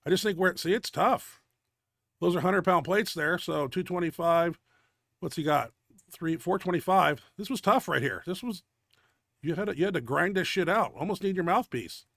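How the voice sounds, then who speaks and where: Gravelly, winded lifting show host. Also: male voice, high voice, moderate pace, a bit bright, no echo, clean studio sound. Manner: blunt, profane gym talk. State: winded and out of breath. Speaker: host of a powerlifting video show. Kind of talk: casual commentary over lifting videos.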